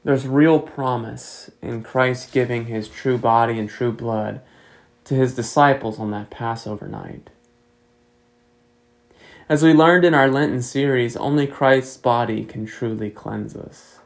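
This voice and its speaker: The recording is rough, but it carries a man's sermon delivered earnestly and at a measured pace, rising toward sharp rhetorical questions. He's a pastor with a gravelly, mid-pitched voice touched by vocal fry.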